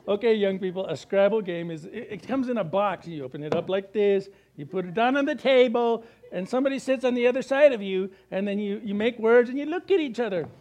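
A middle-aged man preaching a sermon, animated, with jokey asides and acted-out quotes. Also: high-pitched, a little fast. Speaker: pastor.

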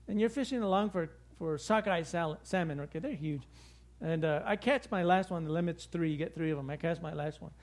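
High-voiced man preaching a lively sermon. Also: a little fast. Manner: storytelling, lively and conversational. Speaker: pastor.

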